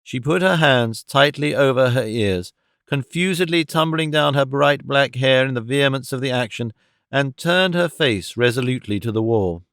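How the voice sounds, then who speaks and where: A male audiobook narrator reads a classic novel at a measured, steady pace. His voice is smooth and resonant with a gravelly grain. It is recorded close and dry. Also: medium pitch, no echo. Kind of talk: scripted narration.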